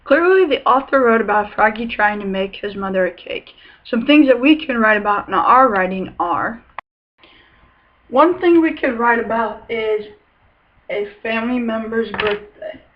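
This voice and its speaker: A woman's voice: on the high side, normal speed. Young woman teaching a class, dull recording. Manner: clear, teacherly. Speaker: student teacher. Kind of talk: picture-book read-aloud and lesson.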